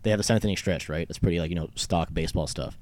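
A man's voice: deep voice, racing, darkish tone. A young man from Canada chatting casually, rambling and swearing a lot with frequent laughs. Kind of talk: casual chat.

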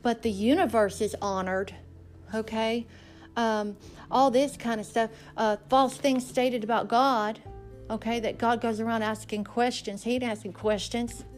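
A woman's voice: a little high, steady tone, unhurried, soft background music. A woman hosting a faith podcast, telling a story and preaching in an emphatic, conversational way. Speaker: podcast host.

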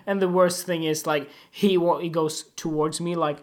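A man hosting a podcast, telling funny everyday stories in a loose, animated and crude way, often laughing at himself. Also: on the high side, a little slow. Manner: animated, giggly, crude, self-mocking. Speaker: podcast host. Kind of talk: casual comic storytelling.

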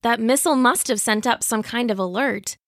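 A woman's voice: a little high, a little fast, fairly bright tone, no room sound, clean studio sound. Woman reading as a weak, shaken teenage girl. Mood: weak, guilty.

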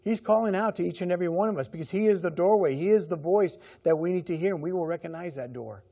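A man's voice: sits high, fast, gravelly, dark tone, husky. A middle-aged man preaching a sermon in a conversational way, repeating key phrases. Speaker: pastor.

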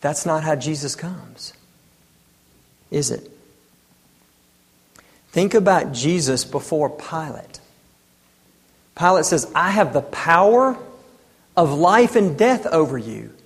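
A man in his thirties delivers a sermon with a fairly high voice. He builds his points through rhetorical questions and emphatic delivery. His voice rings out with the long reverb of a large hall. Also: animated, slow, pauses often. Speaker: pastor.

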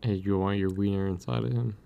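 A man's voice: lowish voice, fairly even intonation, fairly quick, vocal fry, warm tone. A young man co-hosting a casual podcast, pushing back in disbelief and pressing his co-host with questions. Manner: incredulous, pushes back with questions.

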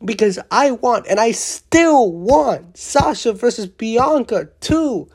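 Slow, mellow, rambling wrestling reviewer. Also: mid-range voice, breathy edge. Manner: rambling, excitable, with many restarts; blunt, with mild swearing. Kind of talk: casual opinionated review.

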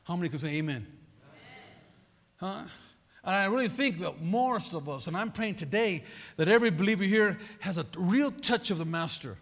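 A man preaching a sermon, repeating his phrases with emphasis and prodding the congregation with quick questions. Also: high voice, expressive. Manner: repetitive, emphatic, prods the audience with "huh?". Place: church sanctuary. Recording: long hall reverb.

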